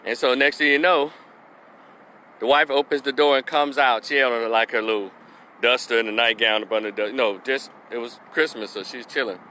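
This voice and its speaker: A man telling a personal story, animated, laughing and acting out the voices of the people in it. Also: medium pitch, moderate pace, slight background noise. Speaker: vlogger. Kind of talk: casual storytelling vlog.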